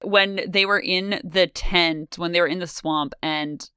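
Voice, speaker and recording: A woman's voice: on the low side, unhurried, clear, resonant tone, dry recording, studio quality. A woman co-hosting a casual podcast, chatting and laughing often while she acts out quotes. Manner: giggly, laughs often, animated quoting. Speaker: podcast co-host. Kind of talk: casual chat.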